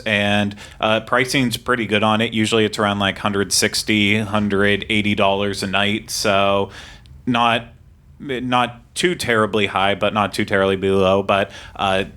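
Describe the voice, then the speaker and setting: A man co-hosting a podcast, chatting casually with quick asides and laughing at himself. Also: fairly low pitch, pushed and bright. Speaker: podcast co-host.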